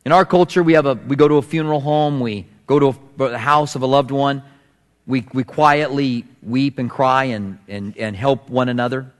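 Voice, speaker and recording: A middle-aged man preaching a sermon, telling stories and acting out voices with big swings in pitch. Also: normal speed. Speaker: pastor. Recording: long hall reverb.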